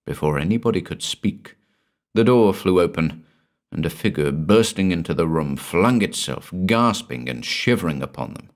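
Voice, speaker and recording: A man giving a measured, dramatic scripted narration of a classic horror story. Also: deep voice, expressive, creaky.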